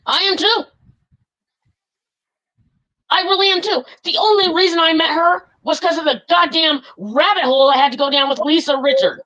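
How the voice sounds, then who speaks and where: A woman on a live-stream call vents her anger, swearing often and tripping over her words. Her voice sits high and comes across bright and sharp. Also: normal speed, pauses often, dull audio. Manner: furious, swearing, rambling with many fillers. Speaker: caller.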